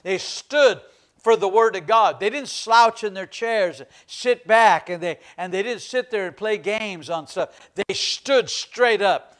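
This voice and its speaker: High-voiced fervent male pastor. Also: unhurried, a bit bright. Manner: fervent, emphatic preaching with repetition. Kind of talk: sermon.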